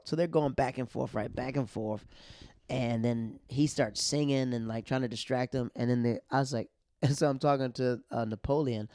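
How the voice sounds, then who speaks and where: A young man telling a comic story, animated and acting out other people's lines in louder, higher voices. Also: moderate pace, no room sound, clean studio sound. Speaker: stand-up comedian. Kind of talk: storytelling comedy monologue.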